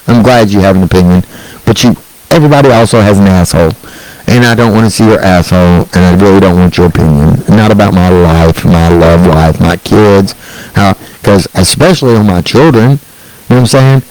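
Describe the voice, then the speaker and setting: A middle-aged man with a somewhat low voice rants on his own show. He is blunt and swears freely, circling back over his points with restarts. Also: a little mellow, no room sound, rough recording. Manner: blunt, profane and rambling, with many restarts. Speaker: online show host. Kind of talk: ranting solo monologue.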